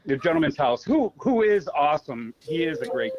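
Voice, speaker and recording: A man's voice: on the high side, sing-song, moderate pace, muffled recording, crowd noise. Rambling male podcast co-host. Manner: rambling storyteller, many fillers and restarts. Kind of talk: casual podcast chat over remote call.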